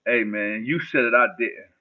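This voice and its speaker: A man from New Jersey casually chatting with viewers on a livestream in loose street slang, answering their questions. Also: mid-range voice. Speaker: livestream host. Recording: phone-like narrow band.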